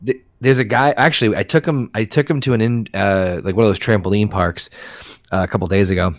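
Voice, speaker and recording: A man's voice: fairly low pitch, steady tone, fairly quick. A man telling family stories in casual chat, swearing often and restarting his sentences. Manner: profane, rambling, self-interrupting.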